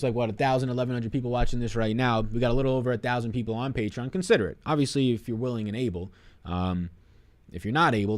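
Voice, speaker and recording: Fast-talking young man reading chat. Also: mid-range voice. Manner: fast, rambling, swears casually, reads chat questions aloud. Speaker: live stream host answering chat. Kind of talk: casual live chat.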